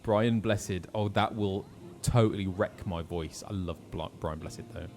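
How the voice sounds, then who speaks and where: A man's voice: deep voice, measured pace, a little mellow, soft background music. A British man, a voice actor, chatting casually and self-deprecatingly while streaming a game. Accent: British English. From Britain. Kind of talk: casual gameplay chat.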